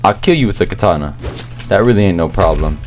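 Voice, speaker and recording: A young man giving loud, slangy live commentary over his own gameplay, trash-talking other players and often shouting. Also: sits low, animated, fast talker, soft background music. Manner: slangy, repeats lines and ends them with "bruh". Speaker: gaming YouTuber.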